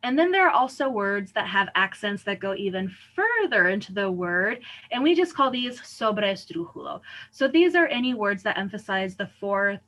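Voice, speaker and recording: A woman teacher explaining a lesson in clear steps, often checking in with "right?". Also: mid-range voice, big pitch swings, moderate pace, few pauses, fairly bright tone. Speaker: Spanish teacher. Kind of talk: recorded lesson.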